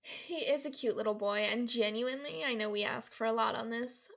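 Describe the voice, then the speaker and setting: A woman co-hosting a casual podcast, bubbly and quick to laugh as she tells a story in a playful teacher manner. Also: a little high, fairly bright tone. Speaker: podcast co-host.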